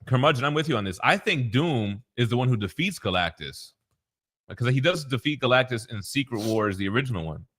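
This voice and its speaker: A man's voice: mid-range voice, lively intonation, a little fast, a bit bright. Give me a man hosting a casual talk show in a mid-range voice. He is easygoing and teasing and laughs often. He reads viewer comments aloud between his own takes. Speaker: host.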